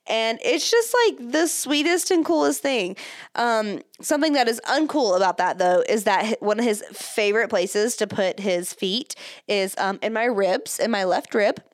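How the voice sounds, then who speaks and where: A woman's voice: medium pitch, dry recording. Brief: young pregnant woman, podcast host, candid rambling chat, dead dry room. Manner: chatty, candid, many fillers and laughs. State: pregnant, third trimester. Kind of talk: casual chat.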